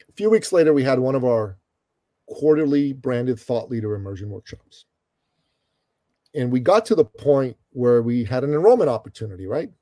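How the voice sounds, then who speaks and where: A middle-aged man from Iran, a guest telling a story in an interview, animated and calling the host brother. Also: mid-range voice, no room sound.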